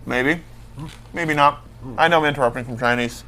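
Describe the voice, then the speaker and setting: A man hosting a casual comedy chat show, teasing his co-hosts in a deadpan way. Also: mid-range voice, normal speed, slight background noise. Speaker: host.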